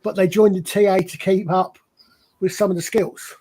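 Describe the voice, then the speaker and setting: A man's voice: sits high, level tone, normal speed, mellow, a little hiss or hum. Rambling Scottish man on a panel. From Scotland. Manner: rambling, with frequent restarts. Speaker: panel member. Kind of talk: casual panel chat.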